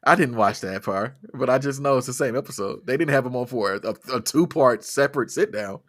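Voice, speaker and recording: A man's voice: mid-range voice, a little fast. A man co-hosting a music podcast in casual, jokey chat. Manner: animated, jokey, breaks into loud impressions. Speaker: podcast co-host.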